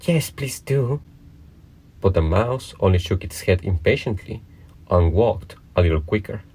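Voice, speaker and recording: A man narrating a children's classic aloud in a measured, plain reading voice. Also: sits low, a little mellow.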